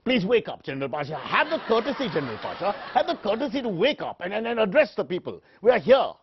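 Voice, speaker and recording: A man's voice: sits high, big pitch swings, fast talker, highs cut off, a little hiss or hum. Pompous indignant male TV anchor. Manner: pompous, indignant, self-important. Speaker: satirical news anchor. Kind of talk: parody of a shouting TV debate host.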